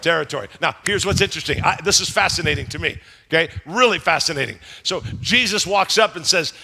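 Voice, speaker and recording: A man preaching a sermon as pastor, animated and dramatizing the story, calling on the congregation to answer along. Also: a little high, fast talker, gravelly, breathy edge. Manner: animated, dramatizing scripture with acted voices and shouts. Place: church sanctuary before a congregation.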